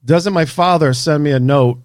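Animated man telling a story, dry sound. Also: fairly high pitch, moderate pace, clean tone, no room sound. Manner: animated anecdotal, swears casually. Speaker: author and researcher. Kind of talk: casual storytelling interview.

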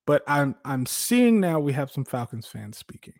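A man hosting a casual sports talk show, animated, laughing often and restarting his sentences. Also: mid-range voice, normal speed, vocal fry. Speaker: podcast host.

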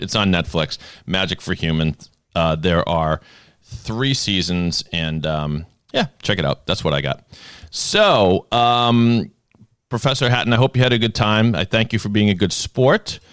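Casting: male podcast host, Boston accent, deep voice, rambling and joking, dry close sound. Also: fairly bright tone, no room sound. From Boston area. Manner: jokey, rambling with many restarts. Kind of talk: casual chat.

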